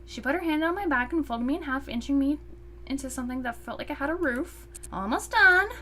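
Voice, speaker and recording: A woman hosting her channel, reading a visual novel's narration aloud in an animated, expressive way. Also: high-pitched, quick pace, slight background noise.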